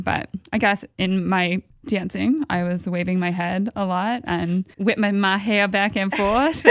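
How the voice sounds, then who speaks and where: A woman's voice: medium pitch, dry recording, studio quality. A young woman telling a story in casual chat, laid-back and laughing.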